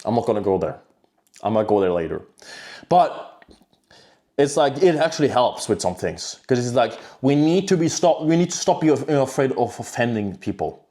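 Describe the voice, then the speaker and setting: A man delivering a self-improvement rant straight to the viewer. His voice sits at an ordinary middle pitch, and he talks bluntly and profanely. He keeps doubling back and restarting his sentences as he goes. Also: animated, normal speed, dark tone. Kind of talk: casual monologue to camera.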